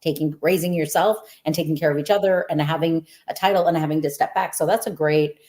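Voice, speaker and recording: A woman's voice: sits low, steady tone, quick pace, darkish tone. A woman who hosts a podcast and works as a coach, talking in an earnest, affirming and reflective way. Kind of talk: casual podcast conversation.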